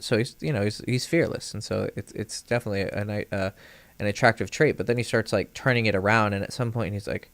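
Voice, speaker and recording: Low-voiced man telling a rambling story. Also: fast talker, fairly bright tone, no echo. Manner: rambling, profane, acts out quoted dialogue with rising pitch; many fillers and restarts. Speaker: dating coach. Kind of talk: casual livestream storytelling.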